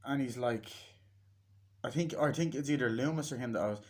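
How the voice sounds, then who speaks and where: A man giving a casual, rambling film recap. He swears often and acts out the characters' lines in quick put-on voices. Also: medium pitch, sing-song, darkish tone. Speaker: movie reviewer.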